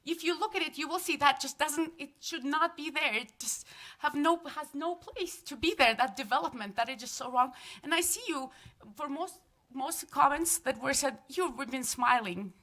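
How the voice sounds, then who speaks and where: Woman, 30s, higher voice, emotional resident at a council podium, halting and pleading. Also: bright, forceful tone. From from another place. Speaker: resident giving public comment. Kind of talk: public comment at a council meeting. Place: city council chamber.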